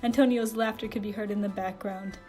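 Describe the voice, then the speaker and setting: A woman reading fan fiction aloud, expressive, with sarcastic asides. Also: mid-range voice, fairly quick, faint music behind. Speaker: reader.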